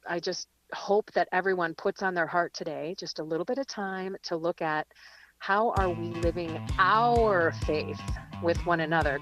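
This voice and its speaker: A woman guest calling in to a radio show from her car, telling a lively story and laughing easily. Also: fairly low pitch. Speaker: guest speaker. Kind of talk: live radio chat and reflection. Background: rain.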